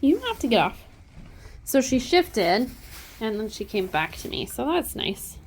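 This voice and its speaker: Woman horse trainer, soft-spoken, coaxing, slow pace, faint background noise, phone camera outdoors. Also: a little high, sing-song. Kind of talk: casual training vlog. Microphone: handheld phone camera.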